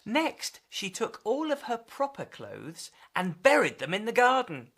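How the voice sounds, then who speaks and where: A woman presenter reading a storybook aloud to children, expressive and emphatic. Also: fairly high pitch, unhurried.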